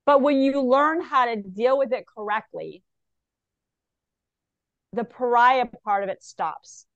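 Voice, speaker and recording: A woman guest on an interview show talks about her work as a psychic medium, animated and quick to act out the voices of the people she describes. Her voice sits a little high. The sound is dry and close, with no room around it. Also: no echo, dull audio. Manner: animated, acts out clients' voices in quotes. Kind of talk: conversational interview talk.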